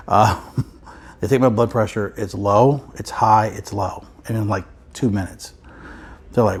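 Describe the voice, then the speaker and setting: A man's voice: lowish voice, fairly even intonation, moderate pace, a little mellow, husky. A man casually telling a long personal story at home, rambling and wry, often breaking off and restarting. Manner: rambling, self-interrupting, wry. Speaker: vinyl collector vlogger.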